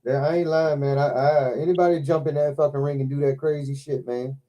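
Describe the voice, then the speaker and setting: A man hosting a live toy stream, telling wrestling stories in a loose, excitable way with plenty of swearing. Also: on the high side, a little fast, muffled recording. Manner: excitable storyteller, swears freely, lots of "man". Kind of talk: casual chat.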